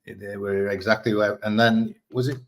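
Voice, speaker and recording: An Australian man chatting as a guest, relaxed and candid, swearing freely as he tells stories. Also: lowish voice, normal speed. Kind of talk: casual storytelling chat.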